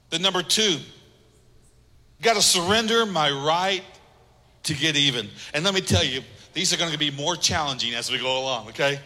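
Bright-voiced preaching man in a hall. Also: a little high, animated, normal speed. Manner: emphatic, repetitive, conversational preaching. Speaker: pastor. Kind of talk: sermon.

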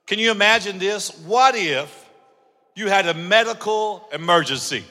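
Man, pastor, sermon, high voice, bright tone, animated storytelling, shouts at peaks, long hall reverb. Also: a little slow. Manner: animated storytelling, acts out dialogue, builds to shouting.

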